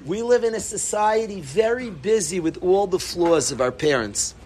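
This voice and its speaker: Emphatic high-voiced rabbi. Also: male voice, normal speed, slight background noise. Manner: animated, repetitive, emphatic bursts. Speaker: yeshiva rabbi. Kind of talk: Torah talk to students.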